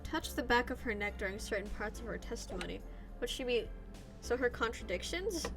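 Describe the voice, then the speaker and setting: A young woman chatting her way through a game stream, giggly and rambling. Her voice sits a little high, and faint music plays behind her. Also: expressive, fairly quick. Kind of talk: live gameplay commentary.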